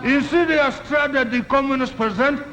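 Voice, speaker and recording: A man's voice: extremely high pitch, pushed and bright, slight background noise, voice pushed up. A man doing a pompous grandiose diplomat. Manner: slow, grandiose, halting speech. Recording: echoey old television broadcast.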